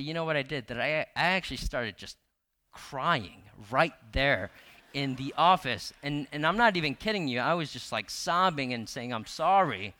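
Bright-voiced conversational male pastor. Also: medium pitch. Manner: conversational, many fillers and repeated words, asks the congregation questions. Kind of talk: sermon with personal story.

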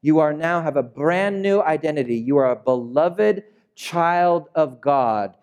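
A man's voice: on the high side, expressive, unhurried, darkish tone, smooth. A man preaching a sermon in a conversational way that builds to emphatic peaks. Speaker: pastor.

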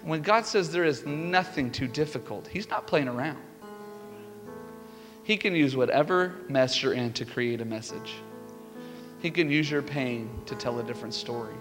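A man preaching a sermon as pastor, telling stories with lively energy and building to fervent peaks. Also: mid-range voice, moderate pace. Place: church sanctuary. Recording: reverberant hall with music behind.

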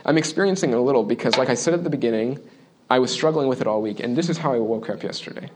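A man preaching a sermon in an earnest, conversational way, often checking in with the listeners and dropping into quiet asides between louder points. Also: quick pace, noisy background. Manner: shifts between loud emphasis and quiet, low asides. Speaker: pastor.

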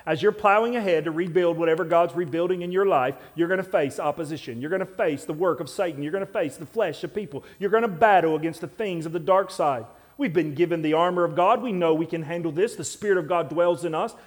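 A man preaching a sermon to a congregation. He swings between loud, emphatic passages and quiet, intense ones, with wry asides to the listeners. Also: a little high, quick pace, hardly any pauses. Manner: self-deprecating asides to the congregation. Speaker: pastor.

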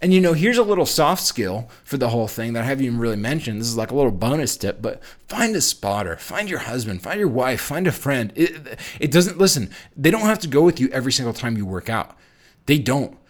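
A man hosting a casual fitness vlog. He gives strength-training advice in a chatty, animated way, full of fillers and restarts. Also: mid-range voice, fairly quick. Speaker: fitness channel host.

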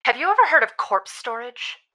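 A woman's voice: on the high side, sing-song, pushed and bright. A woman playing a tearful, stammering young woman. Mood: shaken. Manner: halting, stammering. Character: grieving young woman, distraught and shaky. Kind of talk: audio drama acting.

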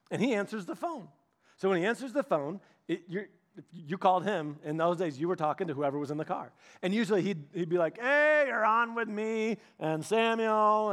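A young man preaching a sermon, telling a personal story and acting out the voices of the people in it, going from loud to hushed. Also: a little high. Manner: animated, acts out quoted voices, shifts from loud to hushed. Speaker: pastor's son preaching.

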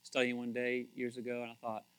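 A man preaching a sermon in a conversational, animated way, repeating himself and swinging between loud emphasis and quiet asides. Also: mid-range voice, fairly quick, clean tone. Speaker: pastor.

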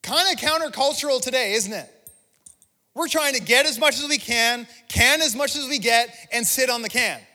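A man's voice: very high-pitched, moderate pace, pushed and bright, in a large hall. A male pastor giving an impassioned, conversational sermon, restarting phrases as he preaches in a church. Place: church sanctuary.

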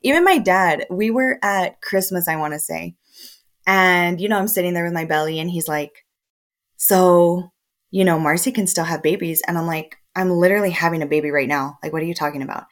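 A woman in her late twenties with a somewhat low voice, chatting as a podcast guest. She tells her story casually and with energy, laughing often and putting on little voices for the people she quotes. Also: a little fast. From El Paso, Texas. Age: 20s. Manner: lively, often laughing, acts out quoted dialogue.

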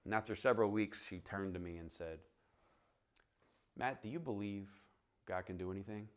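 Smooth and fairly low in pitch, the man delivers sermon storytelling at an ordinary speed. As pastor, he brings a personal anecdote to life, voicing the exchanges humorously and laughing at himself.

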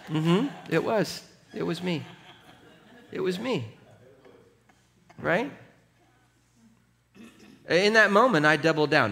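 Animated, self-mocking male pastor preaching. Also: fairly high pitch, slow pace, creaky, pauses often. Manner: animated, jokey, laughs at himself; has the congregation read along aloud. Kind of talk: sermon.

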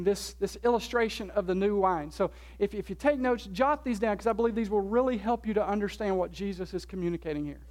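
A pastor with a medium-pitched voice preaches a sermon, slowing down and repeating key words for emphasis. He poses questions to the congregation and then answers them himself.

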